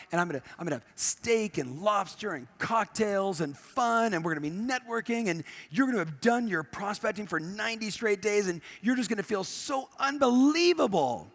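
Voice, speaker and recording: A middle-aged man coaching a live audience on stage, telling stories animatedly and acting out quoted voices. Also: sits high. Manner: animated storyteller, acts out quotes. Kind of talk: motivational seminar talk. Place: event room with live audience.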